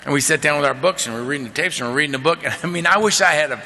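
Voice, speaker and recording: A man speaking at a convention, telling his recovery story in a lively, conversational way, peppering his talk with "man" and "right?". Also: a little high, rapid-fire. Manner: animated, conversational, drawling asides of "man" and "right?". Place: large convention hall. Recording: long hall reverb.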